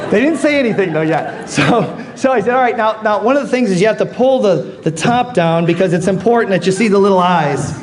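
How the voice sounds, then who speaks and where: High-voiced man telling stories on stage. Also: brisk, few pauses, a faint crowd. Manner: animated, acts out quoted dialogue. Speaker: motivational speaker. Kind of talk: keynote speech storytelling. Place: on stage before a live audience. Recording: live audience laughter, noisy room.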